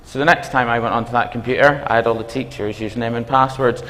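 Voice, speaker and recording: A man with a Belfast accent giving a conference talk as a university dean, talking fast and quizzing the audience. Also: medium pitch, fairly even intonation, sharp tone. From Northern Ireland. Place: lecture hall. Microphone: stage microphone. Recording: reverberant hall.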